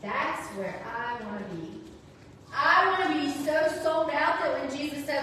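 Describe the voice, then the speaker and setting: A woman's voice: high voice, unhurried, sharp tone, a little hiss or hum. A woman preaching a sermon in a church, chatty and conversational, acting out the quoted lines of the people she talks about. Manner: conversational, acts out quoted dialogue. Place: church sanctuary. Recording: echoey hall, voice from far off.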